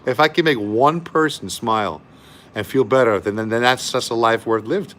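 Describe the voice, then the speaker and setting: A man's voice: mid-range voice, normal speed, fairly bright tone. A man hosting a live music stream, chatting effusively between songs and reading viewer comments aloud.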